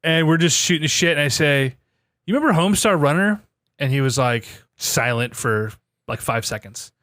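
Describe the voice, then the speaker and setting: A man's voice: mid-range voice, normal speed, clear, resonant tone, no echo, studio quality. A man co-hosting a casual gaming podcast, telling stories with lots of energy and frequent swearing. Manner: animated storyteller, swears freely. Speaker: podcast co-host.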